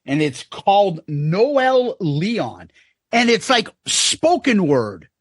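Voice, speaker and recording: A man's voice: sits high, very animated, takes it slowly, no room sound, studio quality. A man co-hosting a podcast, rambling and joking as he talks through his favorite songs in casual chat. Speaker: podcast co-host.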